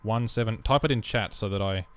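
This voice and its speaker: A man's voice: on the low side, fairly quick. An Australian man streaming a horror game, nervous and jittery, swearing a lot and joking through his fear. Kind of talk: live-streamed horror gameplay commentary.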